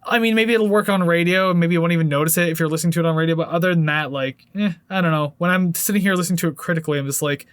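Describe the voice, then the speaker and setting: A man's voice: fairly high pitch, very fast, few pauses, clean tone, dry recording. A man co-hosting a podcast, talking through an album in a rambling, joking way with lots of fillers. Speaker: podcast co-host. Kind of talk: casual album review chat.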